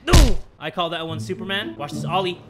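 A young man giving loud, swearing let's-play commentary over a skateboarding game, yelling and laughing as he plays. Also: high voice, fairly even intonation, quick pace, background noise. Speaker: gaming YouTuber. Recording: game music in the background.

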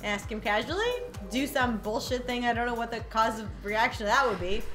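A woman hosting a casual let's-play of a dating game, profane and excitable, reading the game's lines aloud. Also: a little high, fairly quick, music in the background.

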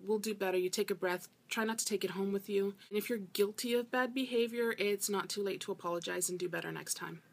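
A woman's voice: medium pitch, quick pace, creaky, few pauses. A woman vlogger ranting about customer service, emphatic and exasperated, often repeating herself for emphasis. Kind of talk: casual ranting vlog.

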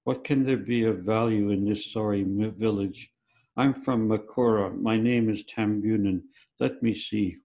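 Man doing an arrogant big-bellied merchant, scoffing, low and mellow. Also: fairly even intonation, measured pace, creaky. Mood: scornful. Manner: scoffing, haughty. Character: scornful fat merchant, arrogant middle-aged man.

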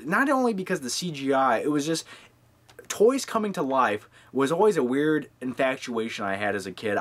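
A man in his twenties rambling and joking through a casual movie countdown vlog, with lively asides to his viewers. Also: mid-range voice. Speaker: movie-review vlogger.

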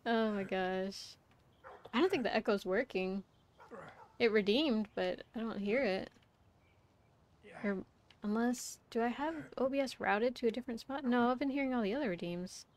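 A woman's voice: on the high side, normal speed, long pauses. Chatty young woman streaming a game. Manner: chatty, rambling, swears when frustrated; talks to chat while playing. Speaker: VTuber streamer. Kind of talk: casual gameplay livestream chat.

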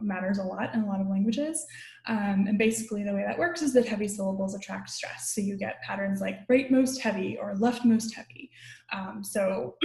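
A woman's voice: mid-range voice, darkish tone, reverberant. A woman giving an academic linguistics talk over a video call, explaining patiently with frequent ums and "like"s. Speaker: guest lecturer.

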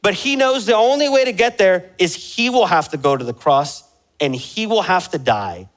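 Passionate pastor preaching, somewhat high voice. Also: male voice, expressive, moderate pace, rough recording. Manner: passionate, rising and falling emphasis, direct questions to the congregation. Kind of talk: sermon. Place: church sanctuary.

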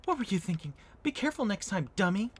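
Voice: medium pitch, sing-song, fast talker, a little hiss or hum, natural voice. A streamer voicing a worried, scolding teenage girl while reading game dialogue aloud. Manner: scolding, anxious.

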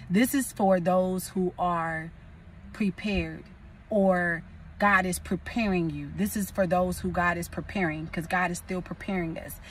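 Give me a low-voiced young woman from California preaching casually, rambling and repeating phrases for emphasis. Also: a bit bright, recorded from a distance, slight background noise. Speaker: prophetess.

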